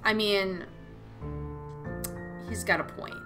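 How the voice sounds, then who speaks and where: A woman's voice: mid-range voice, fairly even intonation, slow pace, a bit bright. Chatty young woman gaming YouTuber. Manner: chatty, emotional, with fillers. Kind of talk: let's play commentary. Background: game music.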